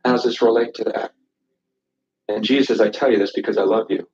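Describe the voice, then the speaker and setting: A man's voice: fairly low pitch, steady tone, brisk, a little mellow, slight background noise. A man preaching a sermon, urgent and impassioned, often repeating words as he restarts a thought. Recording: echoey, distant, dull church recording.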